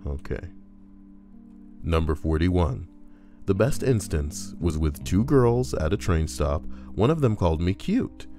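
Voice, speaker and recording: Man, low voice, animated, crude comic reading, faint music underneath. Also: measured pace. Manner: crude, joking asides. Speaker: YouTuber reading Reddit posts. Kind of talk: comedic reading with commentary. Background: faint background music.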